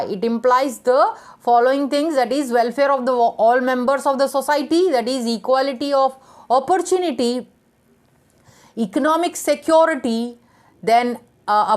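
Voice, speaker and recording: A woman with a high voice teaches a lesson, working steadily through a numbered list of points. She pauses on fillers and restarts now and then, like an online tutor explaining from notes. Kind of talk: lecture reading out points.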